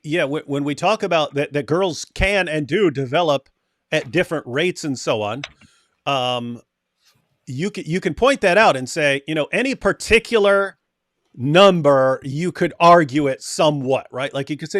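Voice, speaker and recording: Male co-host with a higher pitch, animated, quick to mimic others, dry recording. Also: no room sound. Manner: animated, acts out quoted voices, frequent restarts. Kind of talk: casual panel discussion.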